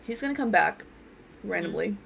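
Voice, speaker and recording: A woman with a gravelly, fry-laced voice rants bluntly and swears freely. Her pitch sits in an ordinary middle range, and a faint hiss of room noise runs underneath. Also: animated, normal speed, fairly bright tone. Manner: blunt, profane, emphatic. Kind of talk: casual rant.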